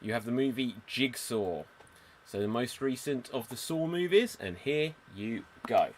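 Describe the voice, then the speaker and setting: A man hosting a live improv comedy stream on a video call, briskly giving out games and laughing along. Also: mid-range voice, animated, slight background noise. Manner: brisk, chuckling, jokey hosting. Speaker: improv show host.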